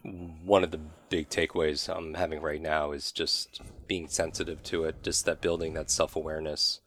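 Very deep, flat-voiced male host. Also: normal speed, a little hiss or hum. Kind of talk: interview chat.

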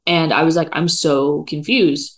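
A woman hosting a casual solo podcast from her dining room table, telling a story in a rambling, animated way with lots of fillers. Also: sits low, measured pace, rough recording. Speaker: podcast host. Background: dog running around.

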